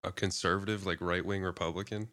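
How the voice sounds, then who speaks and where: Low-voiced, laid-back man co-hosting. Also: fairly even intonation, quick pace, sharp tone. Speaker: podcast co-host. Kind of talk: casual chat.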